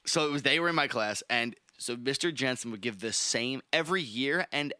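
A man's voice: medium pitch, expressive, fairly quick, bright, forceful tone, clean tone, dry recording, studio quality. A young man in casual podcast chat, telling rambling stories with laughs and swearing.

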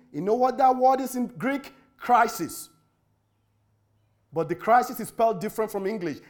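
A man's voice: sits high, darkish tone. A man preaching a sermon, emphatic, hammering key words by repetition and spelling terms out letter by letter.

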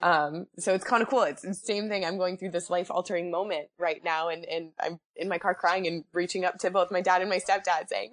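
A woman's voice: fairly low pitch, fairly even intonation, fairly quick, hardly any pauses. A woman guest on a podcast, chatting casually about her own life and acting out what people said. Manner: chatty, acts out quoted dialogue. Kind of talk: casual personal storytelling.

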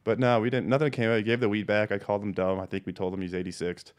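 A man with a somewhat low voice hosts a laid-back podcast chat, swearing freely as he tells animated stories. His delivery is loose and conversational, speeding up and slowing down as the story builds. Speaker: podcast host and dispensary owner.

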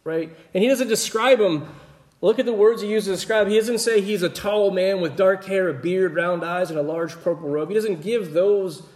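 A man giving a relaxed, conversational Bible teaching, explaining as he goes and often checking in with his listeners with a quick "right?". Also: sits high. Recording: roomy echoey room.

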